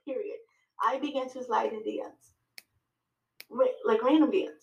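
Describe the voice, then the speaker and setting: A woman guesting on a podcast, telling her story in lively fashion, acting out her own dialogue, with many fillers and restarts. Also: on the high side, normal speed, echoey room, dull audio. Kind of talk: casual interview chat.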